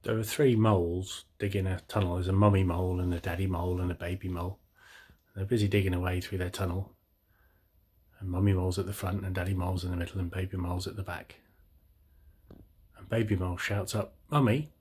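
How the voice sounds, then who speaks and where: A man's voice: sits low, flat delivery, fast talker, darkish tone, husky. A middle-aged man telling long shaggy-dog jokes in a rambling way, with many restarts. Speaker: joke teller.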